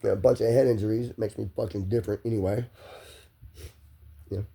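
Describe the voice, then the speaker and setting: A man's voice: fairly low pitch, steady tone, a little fast, gravelly, mellow, slightly rough. A man delivering a heated, profane rant to the camera, repeating himself as he vents.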